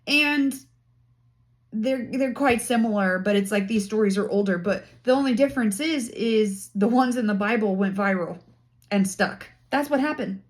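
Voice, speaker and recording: A woman's voice: mid-range voice, moderate pace. A woman talking straight to camera in a casual monologue, indignant and emphatic as she builds her case. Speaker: vlogger.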